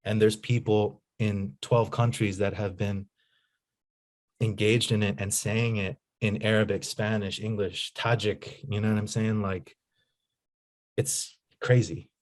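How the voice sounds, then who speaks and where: A man telling stories in a casual interview as a guest, animated and slangy. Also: on the low side, a little slow. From United States. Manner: animated storyteller, slangy, says "man" and "you know". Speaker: guest, nonprofit founder.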